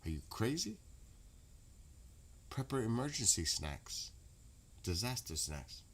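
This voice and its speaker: A very deep-voiced man rambles through a late-night stream chat. He swears freely and breaks into loud laughter now and then. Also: very animated, slow. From New York. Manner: rambling, profane, laughs loudly.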